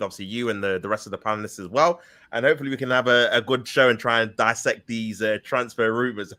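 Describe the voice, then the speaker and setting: A man speaking quickly on a fan panel in a bright, forceful voice. He is friendly and casual with the others. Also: medium pitch. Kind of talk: casual chat.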